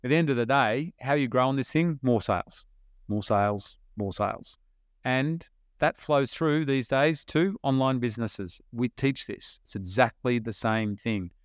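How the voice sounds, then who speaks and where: A middle-aged Australian man speaks as a podcast guest, telling stories of his early business days with animated energy and quick bursts of laughter. His voice sits at an ordinary middle pitch, and the recording is dry and close, with no room sound. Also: no room sound. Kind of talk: storytelling interview talk.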